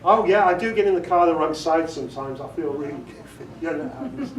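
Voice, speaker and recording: In a meeting room before a group, a man gives a chatty, self-amused workshop talk on audiobook narration, laughing often and demonstrating inflections. His voice is on the high side, lively and fast, and the far-off recording is echoey with a little hiss or hum.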